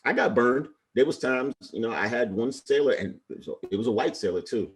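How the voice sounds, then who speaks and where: This is a retired Navy chief from Brooklyn, New York, a man in his forties, speaking in a casual interview. His mid-range voice moves briskly with lively intonation as he tells stories with passion and earnest feeling.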